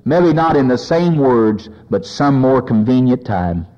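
A man preaching a sermon, his pitch rising as he voices the cries of sinners. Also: lively intonation, unhurried, warm tone, muffled recording.

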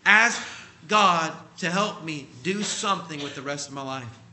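A man voicing a frail, faithful elderly mother who speaks tenderly and pleads softly. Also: deep voice, animated, a little slow, a little hiss or hum, heavily acted. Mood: pleading.

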